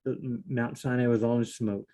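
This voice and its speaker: Guy with a soft mellow voice reading bible verses out loud, stops and restarts a lot, chatty and unsure. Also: mid-range voice, level tone, moderate pace. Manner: fumbling, self-correcting, reads verses aloud then paraphrases loosely. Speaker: solo Bible study host. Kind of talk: casual thinking-aloud scripture study.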